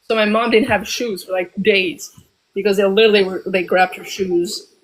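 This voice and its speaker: A woman in her forties from Albania, telling a personal story as a guest, reflective and often pausing with ums and restarts. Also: medium pitch, steady tone, rough recording.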